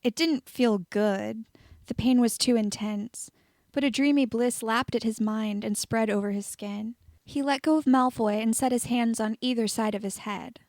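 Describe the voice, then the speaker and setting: A woman reading fan fiction aloud in a steady, even narration. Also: fairly high pitch, moderate pace, no room sound. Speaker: audiobook reader of fan fiction.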